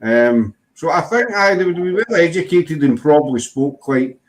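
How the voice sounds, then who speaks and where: A man's voice: fairly high pitch, animated, moderate pace. A man with a Glaswegian accent hosting a casual chat, rambling and restarting his sentences. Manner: rambling, full of fillers and restarts. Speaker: host.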